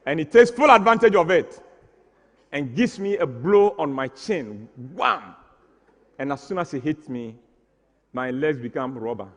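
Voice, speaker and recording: Animated older storyteller. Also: male voice, a little high, moderate pace, big-room sound. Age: 60s. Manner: animated, acts out scenes, mock-dramatic. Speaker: stage performer. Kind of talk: comic storytelling on stage.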